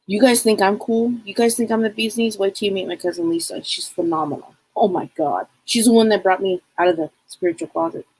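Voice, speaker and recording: Husky-voiced woman hosting a chatty live stream. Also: mid-range voice, brisk, few pauses, darkish tone, low-quality recording. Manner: chatty, greets viewers by name, rambling with fillers. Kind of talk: casual live-stream chat.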